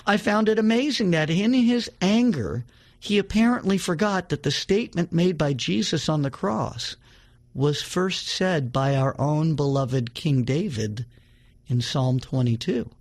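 A man's voice: on the high side, unhurried. A man hosting a religious talk show, reading a testimony aloud with dramatic emphasis, then talking casually with some fillers. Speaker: radio show host.

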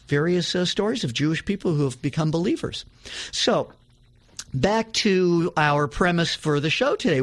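A man hosting a religious talk show, reading a testimony aloud with dramatic emphasis, then talking casually with some fillers. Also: a little high. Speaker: radio show host.

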